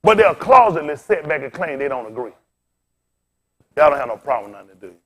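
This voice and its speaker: A man's voice: on the high side, very animated, fairly quick. A man in his fifties preaching to his congregation, tired and frustrated, firing off rhetorical questions and repeating phrases with sudden rises and drops in force. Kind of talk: impassioned sermon to a congregation.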